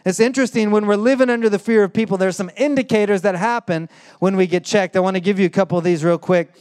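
A young adult man preaching a sermon in a conversational, animated way, full of "like" and acted-out quotes. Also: quick pace, clean tone. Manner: animated, acts out quoted voices with sudden high bursts; conversational with frequent "like" fillers. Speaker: pastor.

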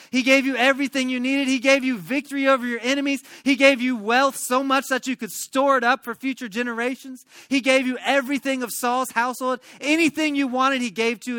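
A man voicing a stern but caring male prophet who speaks low, quiet and firm. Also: brisk, no echo, studio quality, lightly acted. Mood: rebuking.

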